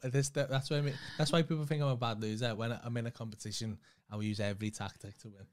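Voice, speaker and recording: A man's voice: mid-range voice, steady tone, fast talker, slight background noise. A man co-hosting a comedy podcast, swearing freely and acting out quotes in casual banter. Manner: swears freely, laughs often, acts out quotes.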